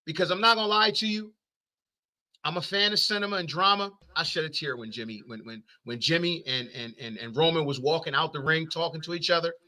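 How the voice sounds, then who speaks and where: Male co-host, very bright tone, slightly high, excitable barbershop-talk delivery. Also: brisk. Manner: animated, repeats words, food comparisons. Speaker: wrestling podcast co-host. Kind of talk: casual barbershop-style chat.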